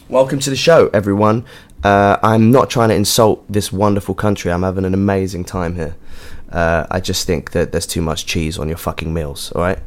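An Englishman hosting his own show, talking casually in a rambling, jokey way with lots of swearing and fillers, from a hotel room. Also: fairly low pitch. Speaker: podcast host and touring musician. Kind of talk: casual monologue.

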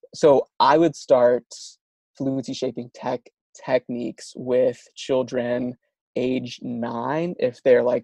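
A man's voice: mid-range voice, gravelly, dark tone, no room sound, muffled recording. A man in an interview, explaining speech therapy techniques while stuttering with frequent sound repetitions and restarts. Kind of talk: conversational explanation.

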